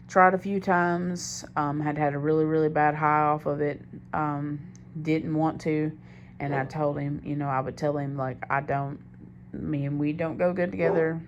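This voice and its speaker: A young woman with a notably low voice tells a personal story straight to the camera. She rambles candidly and keeps doubling back mid-sentence, with a faint hiss under her voice. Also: lo-fi sound. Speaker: diary vlogger. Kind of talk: confessional storytelling monologue.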